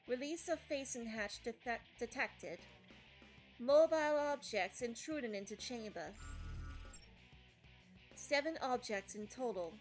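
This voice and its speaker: A woman doing a female combat android who reports everything in a flat, mechanical monotone with a put-on accent. The voice sits fairly high, with faint music underneath. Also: unhurried, long pauses. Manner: monotone report-style delivery. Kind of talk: fan voice-over of a game.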